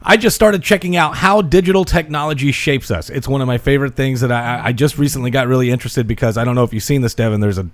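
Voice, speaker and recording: Cohost guy, dry close sound, lots of quick reactions. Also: medium pitch, dry recording. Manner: reactive, quick interjections and laughs. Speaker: podcast co-host. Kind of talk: casual chat.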